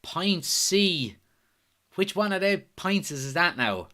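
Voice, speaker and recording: A man's voice: high-pitched, sing-song, slow, pushed and bright. An Irish man hosting a live football watchalong stream, chatting casually, reading out viewer comments and answering them. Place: at home.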